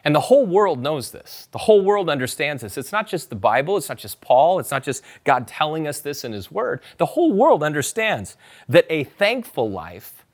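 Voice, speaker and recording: A man giving a sermon as pastor, with a voice pitched a little high for a man. He preaches in a relaxed, conversational way, often asking his congregation to say the verse out loud with him. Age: adult parent. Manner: conversational preaching, urging the congregation to repeat scripture.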